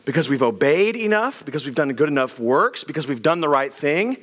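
A middle-aged pastor preaches in a loose, conversational way and fires off one rhetorical question after another. His voice sits fairly high for a man and swings up and down in lively arcs. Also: fairly quick. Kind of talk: sermon.

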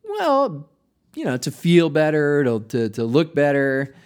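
Guy doing a nervous new gym-goer, kinda squeaky, stammers and gets defensive. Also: wildly swooping pitch, a little slow, a little mellow, smooth. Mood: hesitant.

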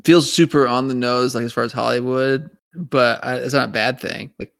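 A man co-hosting a casual podcast discussion, animated and talking in quick restarts and repeated words. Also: mid-range voice, gravelly, no echo, studio quality. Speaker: podcast co-host.

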